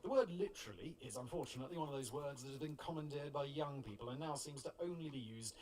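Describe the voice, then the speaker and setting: A man's voice: medium pitch, fast, music in the background. A man in his thirties hosting, reading a script and breaking off into chatty, wry asides with the odd swear. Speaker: host.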